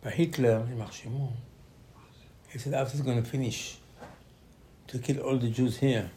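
A man leads a Torah class as lively storytelling. He acts out the quoted voices and breaks into sudden loud bursts. Hebrew terms run through his English, and his voice sits at a middle pitch. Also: normal speed, slight background noise.

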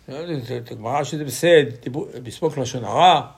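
A man's voice: fairly high pitch, animated, fast, vocal fry, few pauses, slightly rough. A man giving an informal Torah lecture, arguing through rhetorical questions with his voice rising sharply.

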